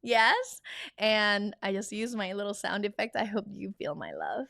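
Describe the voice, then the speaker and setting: A woman's voice: mid-range voice, wildly swooping pitch, gravelly, fairly bright tone, no echo. Chatty woman teaching vocab, upbeat, says words over and over, dry sound. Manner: bubbly, chatty, repeats words slowly for learners. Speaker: Korean language teacher. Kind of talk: online language lesson.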